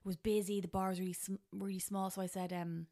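Talking fast in a level, mid-range voice with a dark tone, a podcast co-host from Ireland keeps things casual. She relates stories energetically, imitating whoever she's quoting.

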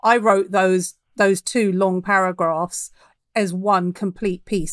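A woman's voice: medium pitch, fairly even intonation, slow, no echo, studio quality. A woman author talking about her writing in a podcast interview, chatty and reflective, laughing easily. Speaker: author guest.

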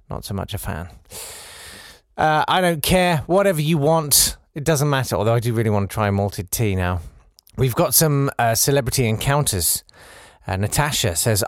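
A man's voice: mid-range voice, no echo, clean studio sound. Wry man hosting a podcast. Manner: wry, sarcastic asides with mock exasperation. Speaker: podcast host. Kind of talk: casual chat reading listener messages.

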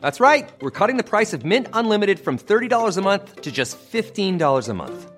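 A man's voice: sits high, sing-song, brisk, fairly bright tone, soft background music. A man reading a jokey, upbeat scripted advertisement. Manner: upbeat, punchy, jokey delivery. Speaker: ad announcer. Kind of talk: scripted radio ad read.

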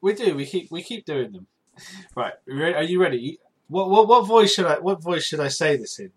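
A man's voice: on the high side, lively intonation, a little fast, slightly rough. Stammering, laughing man. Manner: stammering repeats, often laughing. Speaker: podcast co-host. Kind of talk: casual comedic chat.

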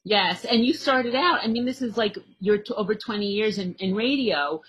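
A woman's voice: medium pitch, moderate pace, slightly rough, lo-fi sound. A woman interviewing a guest in a friendly, encouraging way, with many fillers. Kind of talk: casual interview chat.

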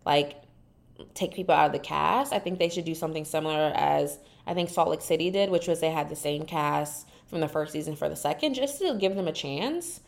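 Solo woman podcast host, low-ish voice, sassy casual recap chat with exaggerated put-on quotes. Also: a little fast, gravelly. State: dry mouth.

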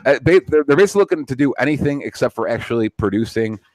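A man's voice: medium pitch, expressive, quick pace, darkish tone, no room sound. A man in his thirties hosting a podcast, talking in a profane, rambling way with many restarts. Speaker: podcast host. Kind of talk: casual political chat.

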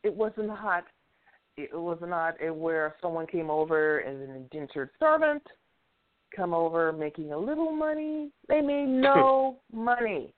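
A woman's voice: fairly low pitch, animated, a little slow, a little hiss or hum. Woman, casual opinion chat, blunt, chuckles while talking, tinny phone-like sound. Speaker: show regular giving opinions.

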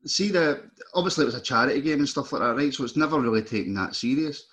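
A man's voice: medium pitch, lively intonation, fast, a bit bright. A Scottish man hosting a casual chat, easygoing and asking follow-up questions.

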